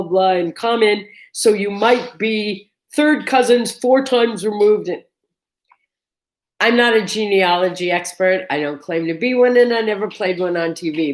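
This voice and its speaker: A middle-aged woman chats straight to her viewers as host of her own show, in a voice of ordinary middle pitch for a woman. She sounds upbeat and informal, breaking off and restarting her sentences as she talks. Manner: chatty and upbeat, restarting phrases. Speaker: vlog host. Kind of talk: casual chat to camera.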